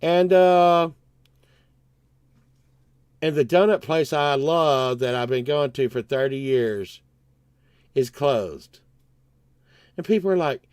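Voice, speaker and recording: A man's voice: a little high, takes it slowly, pauses often, darkish tone, clean tone, dry recording, studio quality. A man, telling a rambling, profane story on his livestream and acting out both sides of the argument.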